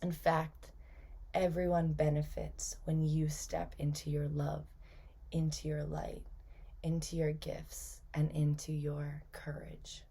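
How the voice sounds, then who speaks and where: Gentle otherworldly spirit collective, soft and reassuring, low and unhurried, as a woman channels it. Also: flat delivery, gravelly, husky, exaggerated voice. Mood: tender. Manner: slow, soft and half-whispered. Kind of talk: spoken channeling message.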